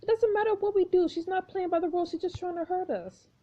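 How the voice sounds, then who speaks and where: A woman voicing a sharp-tongued, angry young woman in a story game, firing off fast, biting retorts. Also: very high-pitched, lo-fi sound, voice pushed up.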